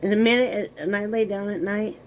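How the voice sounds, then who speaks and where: A woman with a gravelly edge talks casually at home to her viewers, drifting into cooing baby talk for her little dog. Her pitch sits in a middle range, and faint room noise is heard behind her. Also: brisk, rough recording. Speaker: vlogger.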